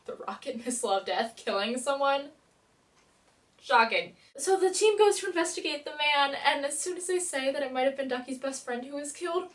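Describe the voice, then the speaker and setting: A woman's voice: sits high, distant mic. Bubbly rambling woman, a bit off-mic. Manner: bubbly, rambling and self-mocking. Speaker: TV episode recapper. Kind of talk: casual episode recap and review.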